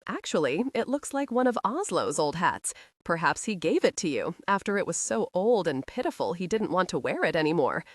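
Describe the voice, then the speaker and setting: A woman's voice: lowish voice, very animated, a little fast, dry recording, clean studio sound. A woman voicing a brash, arrogant young man who teases and needles, read in an audiobook. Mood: mocking. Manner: mocking, needling. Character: brash young male horseman, teasing and arrogant.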